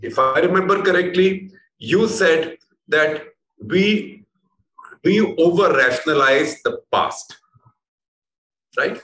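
Male interview host, slightly high voice, rambling questions; roomy echo, faint background hiss. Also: takes it slowly, pauses often, a bit bright. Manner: chatty, winding questions with fillers. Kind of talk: interview hosting. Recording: echoey room with faint noise.

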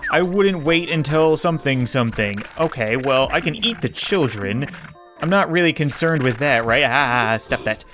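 A young man commenting while playing a video game, excitable, talking to himself and reading game text aloud. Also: medium pitch, normal speed. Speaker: gaming channel host. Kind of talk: let's play commentary. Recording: faint music behind.

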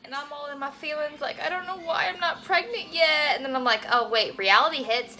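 A young woman talking casually while cooking at home, animated and swearing freely as she asks her viewers "okay?" all the time. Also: high-pitched, a little fast, slight background noise, low-quality recording. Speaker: cooking vlogger. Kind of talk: casual chatty cooking vlog.

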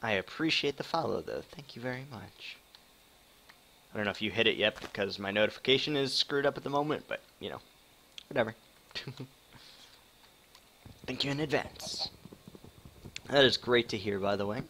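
A young man from Wisconsin giving excitable live commentary on a hard survival game, swearing often and greeting chat viewers. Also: on the low side, normal speed, pauses often, slight background noise. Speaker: game streamer.

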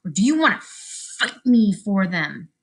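Lady doing a grouchy storybook ladybug, pushy and bossy, bright voice jumping all over. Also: medium pitch, sing-song, unhurried, voice pushed down. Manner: bossy, then flustered when backing down.

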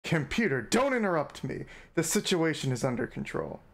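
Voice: medium pitch, big pitch swings, normal speed, creaky. A streamer voicing a smug villain scientist from a game, speaking in a pompous, commanding way.

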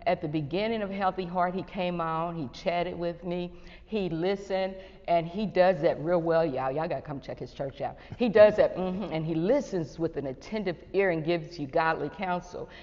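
An older woman hosts a faith talk show over a video call, her lowish, slightly mellow voice moving at a normal speed. She is effusive and keeps exclaiming phrases of praise. The audio is echoey and muffled, typical of a video call.

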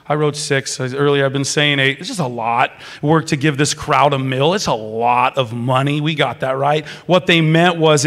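A man preaching a sermon as pastor, animated, swinging from loud exclaiming to soft whispers. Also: fairly high pitch. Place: large church sanctuary. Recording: long hall reverb.

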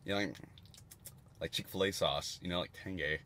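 A young man in his twenties casually reviewing candy on a livestream, rambling and crude with jokey bursts of excitement. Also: deep voice, fairly quick, noisy background.

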